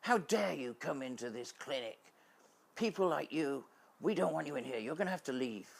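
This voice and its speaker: A furious middle-aged female doctor, shrill and scolding, waving a patient away with open contempt, as a man puts her on. The voice sits well above his own and keeps a gravelly grit. It sounds harsh and final. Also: animated, moderate pace.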